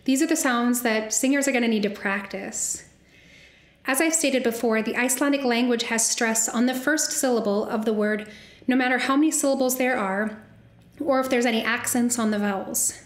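A woman's voice: a little high, moderate pace, roomy sound. A young woman, a soprano, giving an academic lecture and carefully spelling out sounds as she explains.

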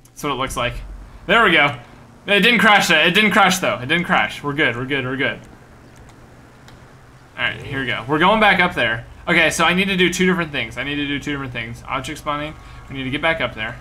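Bright, excitable young male streamer. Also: fairly high pitch, fairly quick, slight background noise. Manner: energetic, exclaiming, repeats himself. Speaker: gaming streamer. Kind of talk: excited live gameplay commentary.

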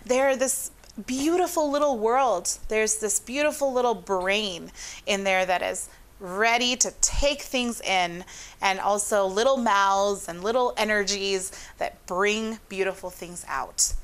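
In conversation with an interviewer, a psychologist from Honduras speaks with animated, emphatic intonation that rises and falls. Her voice is mid-range and a little bright.

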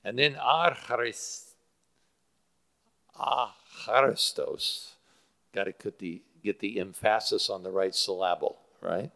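A man's voice: sits low, normal speed, creaky, few pauses, fairly bright tone. A male pastor preaching a sermon that explains Greek word roots, with frequent fillers. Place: church sanctuary. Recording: church hall with long reverb.

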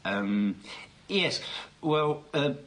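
A man's voice: medium pitch, lively intonation, drawn-out words, fairly bright tone. An actor playing a flustered, evasive middle-aged man who hesitates, full of ums and uhs, in a comedy sketch.

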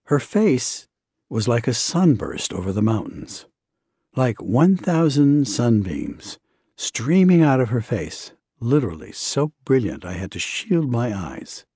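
A man narrating a devotional book in the first person, with a measured, earnest reading. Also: medium pitch, big pitch swings, dark tone, slightly rough, no room sound, clean studio sound. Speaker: audiobook narrator.

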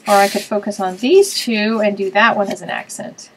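A woman's voice: medium pitch, fairly even intonation, normal speed, husky, low-quality recording. A woman hosting a card-making web show, chatting casually and thinking aloud as she works on a live stream.

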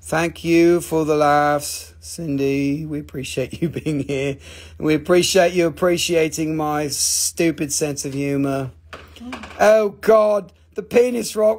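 A man hosting a live online mineral sale, teasing buyers with goofy banter and sudden high squeals. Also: takes it slowly. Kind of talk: joking live-stream sales banter.

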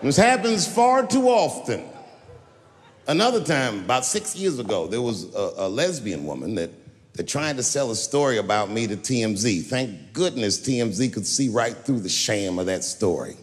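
A man performing a stand-up comedy routine, telling a profane story brashly and sometimes breaking into shouts. He is recorded live on a large stage before an audience. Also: medium pitch, sing-song, moderate pace. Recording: live venue with long reverb and audience noise.

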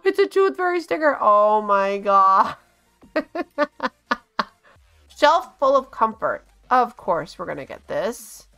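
A woman hosting a casual game video, gushing and excitable, often gasping and laughing as she talks. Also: sits high. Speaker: gaming channel host.

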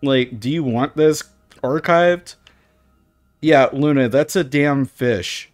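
Male gamer streamer, unhurried, swearing and stammering, dry close mic sound. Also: mid-range voice, no room sound, faint music behind. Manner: swears, stammers and reacts with disgust. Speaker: streamer playing a game. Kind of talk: casual live gameplay commentary.

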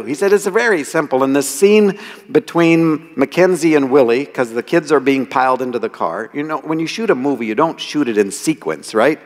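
A man telling lively anecdotes as the author speaking to an audience, quoting people as he goes. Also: a little high, normal speed. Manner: animated storyteller, quotes people in voices. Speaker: author giving a talk. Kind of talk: storytelling talk. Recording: reverberant hall.

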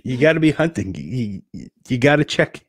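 A man's voice: medium pitch, sing-song, normal speed, no room sound, studio quality. A man co-hosting a toy podcast, telling stories in a rambling, hesitant casual chat.

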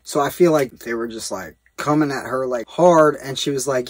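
Male vlogger, loose and swearing, middle pitch, dry close sound. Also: moderate pace, husky, no echo. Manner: rambling and profane, heavy with fillers. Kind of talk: casual opinion rant.

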